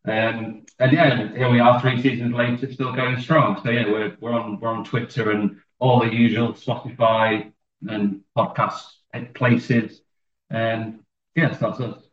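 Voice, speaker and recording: Hesitant guest on a remote call. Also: male voice, on the low side. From England. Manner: hesitant, lots of ums, self-deprecating. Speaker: fan podcast guest. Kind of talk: remote podcast interview. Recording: roomy distant dull call audio.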